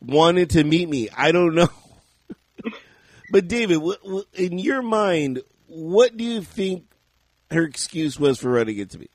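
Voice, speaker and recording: A man co-hosting a podcast, telling a story in a casual, animated way, laughing often and shouting out the lines he quotes. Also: fairly high pitch, a little slow, no room sound. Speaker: podcast co-host.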